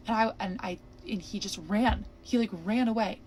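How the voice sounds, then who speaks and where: A woman's voice: mid-range voice, moderate pace, hardly any pauses, slight background noise. Young woman animatedly retelling a scary night. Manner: breathless, animated retelling with many fillers. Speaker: camper telling her story. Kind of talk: casual vlog storytelling.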